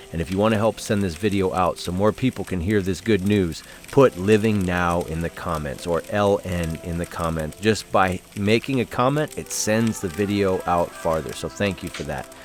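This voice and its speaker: Man host, lowish voice, casual devotional talk with storytelling and fillers, slowing down for reflective points. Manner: slows and softens for reflective points. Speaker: host and Bible study leader.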